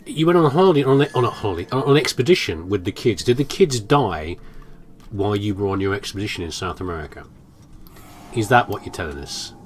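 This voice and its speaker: This man's voice is on the low side, with lively intonation and a fast delivery over slight background noise. He's a gaming commentator doing let's play commentary on a horror game, joking, musing and poking fun at himself.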